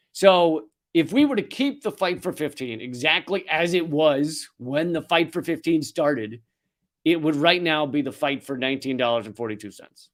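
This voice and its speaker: Sarcastic guy ranting about politics, kinda high voice, rambly. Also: fairly bright tone. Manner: sardonic, rambling with restarts. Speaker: comedian host. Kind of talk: comedic political commentary.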